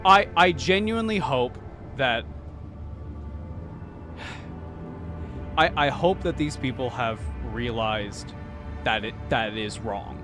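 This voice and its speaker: A man from Kansas co-hosting a casual podcast chat, animated and profane, stumbling over restarts. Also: mid-range voice, slow, long pauses, over music. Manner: animated, swearing, many restarts. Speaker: podcast co-host.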